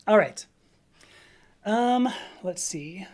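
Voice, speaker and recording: A woman's voice: fairly low pitch, animated, normal speed. A woman from Southern California with a Valley accent, live streaming and chatting casually as she reads out viewer comments, candid and full of fillers and restarts.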